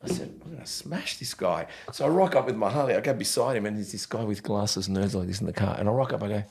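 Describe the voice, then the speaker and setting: A man hosting a podcast, telling stories in a lively casual way and swearing freely. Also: fairly low pitch, fast talker, creaky, husky. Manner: animated storyteller, swears casually, laughs often. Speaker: podcast host.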